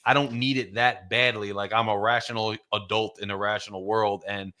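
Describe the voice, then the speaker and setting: A man's voice: lowish voice, fairly even intonation, normal speed, sharp tone. A man co-hosting a casual sports talk podcast, speaking in a laid-back conversational way, often saying "bro" and "like". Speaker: podcast co-host.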